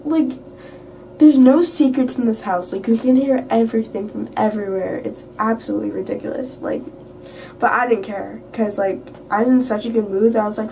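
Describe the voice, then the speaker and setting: A woman's voice: on the high side, moderate pace, vocal fry, warm tone. A teenage girl vlogging at home, telling a rambling late-night story full of fillers and swearing. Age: teens. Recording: distant mic, faint background hiss.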